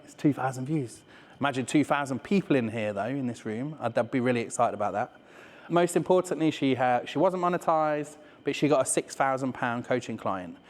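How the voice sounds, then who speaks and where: A man with a Leicester accent speaks to a room of people in an easy, joking way, dropping swear words and tag questions. His voice sits in the middle range and carries the long tail of a reverberant hall. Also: medium pitch. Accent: Leicester English. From England. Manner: chatty and swearing, with many "right?" asides. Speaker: speaker giving a business talk. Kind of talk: live presentation to an audience. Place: room with an audience.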